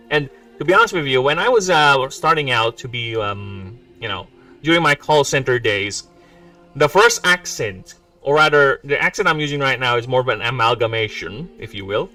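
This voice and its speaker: A man's voice: mid-range voice, pushed and bright. Rambling, joking man streaming from afar. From Philippines. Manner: rambling, joking, self-mocking asides. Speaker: indie game developer streamer. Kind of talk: casual livestream chat, reading lore aloud. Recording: distant mic with background music.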